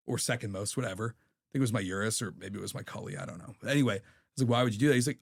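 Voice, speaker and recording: A man's voice: mid-range voice, animated, very fast, creaky. A man in his thirties, a podcast guest telling stories in a candid, profane way. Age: 30s. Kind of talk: casual chat.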